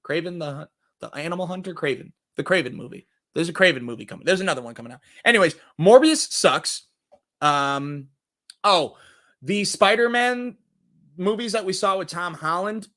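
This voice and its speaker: A man's voice: fairly high pitch, bright, forceful tone. A man hosting a casual movie review show, talking animatedly, swearing freely and acting out quotes.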